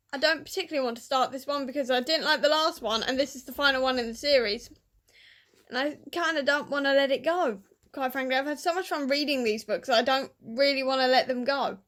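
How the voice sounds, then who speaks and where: A woman's voice: high-pitched, bright, forceful tone. A woman chatting casually in a book vlog, emotional and rambling, often laughing at herself. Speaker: book vlogger.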